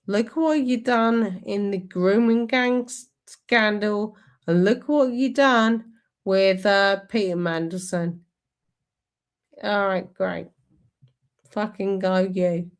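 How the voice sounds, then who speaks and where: Slow, sweary, ranting woman. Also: medium pitch. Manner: angry, sweary, sarcastic ranting. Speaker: streamer reacting to a speech. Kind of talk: ranting commentary over a played clip.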